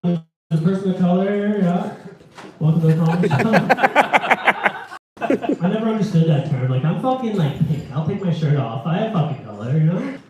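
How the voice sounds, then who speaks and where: A man's voice: sits high, animated, moderate pace, pauses often. A young man doing crude, provocative stand-up and teasing the audience at a small comedy venue. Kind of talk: stand-up crowd work. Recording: echoey club from a distance with crowd.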